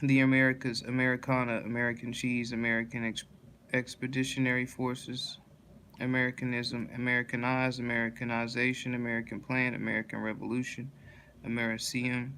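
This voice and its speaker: A tired man reading dictionary words one after another in a flat monotone, stumbling and restarting now and then. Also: mid-range voice, brisk, a little hiss or hum. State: yawning, tired.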